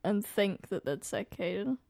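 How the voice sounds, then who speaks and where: A woman's voice: mid-range voice, animated, normal speed, gravelly, a little mellow. A woman co-hosting a podcast, upbeat and chatty. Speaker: podcast co-host. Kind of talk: casual chat.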